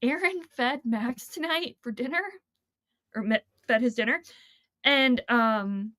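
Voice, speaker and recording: A woman chatting casually, animated and playful, often correcting herself as she talks. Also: fairly high pitch, measured pace, no echo. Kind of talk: casual chat.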